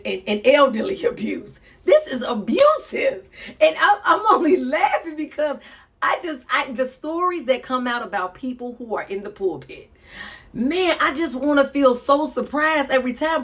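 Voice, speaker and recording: Woman reaction commentator, expressive and sermon-like. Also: on the high side. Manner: animated, preachy, laughing asides.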